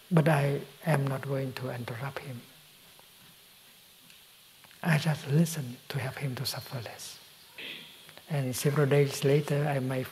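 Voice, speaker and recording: A man in his eighties from Vietnam, a Buddhist teacher with a Vietnamese accent, giving a gentle, unhurried dharma talk in a soft, breathy voice that often drops to a whisper. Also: a little high, slight background noise, low-quality recording. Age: 80s. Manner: gentle, soft-spoken, unhurried with frequent pauses. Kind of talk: dharma talk answering a question.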